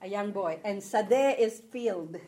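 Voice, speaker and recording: In this classroom lesson on reading Hebrew, the teacher's voice is mid-range and mellow, and her pace is measured. She patiently checks her students' understanding, frequently asking "okay?"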